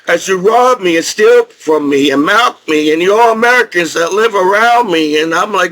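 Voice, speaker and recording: A man's voice: high-pitched, animated, moderate pace, hardly any pauses, a bit bright, poor audio. A middle-aged male military veteran from New Jersey, ranting angrily and profanely to camera and repeating himself. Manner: agitated, profane, repetitive. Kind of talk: angry rant to camera.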